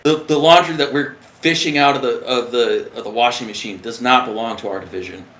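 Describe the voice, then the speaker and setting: Brief: male veteran guest, animated and profane storyteller, roomy echo. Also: medium pitch, fairly quick. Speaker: retired submariner guest. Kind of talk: casual storytelling.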